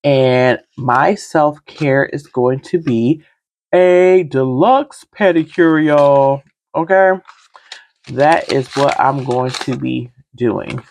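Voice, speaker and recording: A woman's voice: a bass voice, slow, a little mellow. A woman budget vlogger chatting casually while counting cash, teasing herself and talking straight to her viewers.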